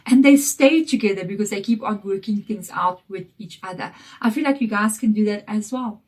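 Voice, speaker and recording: A woman giving a casual tarot reading to camera, croaky from a chesty cold, reassuring and direct. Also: mid-range voice, fairly quick, a little mellow. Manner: reassuring and direct, checking in with "okay?". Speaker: tarot reader.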